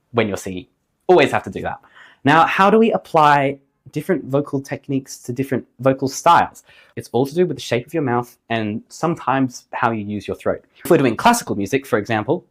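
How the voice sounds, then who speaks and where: A man teaching a casual singing lesson in a playful way, joking at his own expense as he explains technique. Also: medium pitch. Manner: demonstrates singing tones between explanations. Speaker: vocal teacher.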